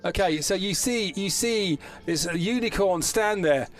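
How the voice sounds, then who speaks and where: A man with a high voice runs a tabletop game as game master, narrating in a rambling way and often correcting himself mid-sentence. Faint music plays underneath. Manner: rambling, self-correcting narration with frequent restarts.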